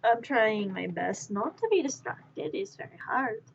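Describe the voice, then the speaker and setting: A woman streamer chatting casually with viewers while she crafts, rambling and distracted, sometimes muttering softly to herself. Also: a little high, big pitch swings, a little slow, vocal fry, slight background noise. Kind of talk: casual live-stream chat. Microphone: wearing headphones. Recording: dull lo-fi stream audio.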